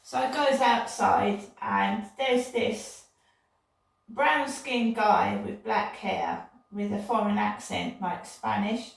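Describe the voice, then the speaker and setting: Older woman vlogger: slow, gravelly, indignant rambling, heard from a distance in an echoey room. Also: medium pitch, steady tone. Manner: indignant, repetitive, digressive. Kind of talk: casual rambling monologue.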